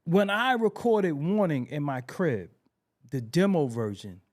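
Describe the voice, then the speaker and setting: A man hosting a podcast, telling music history stories in a casual, animated way and repeating himself for emphasis. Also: fairly high pitch, unhurried. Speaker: podcast host.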